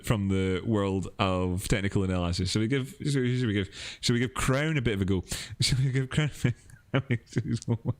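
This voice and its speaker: Low-voiced man rambling on a livestream. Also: fairly even intonation, fairly quick, darkish tone. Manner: rambling, laughs often, many fillers and restarts. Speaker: livestream host. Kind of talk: casual livestream chat.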